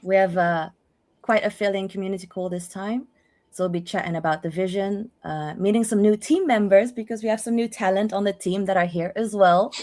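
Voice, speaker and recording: A woman with a hosting a casual online community call, upbeat and quick to laugh, with fillers. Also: medium pitch, a little mellow.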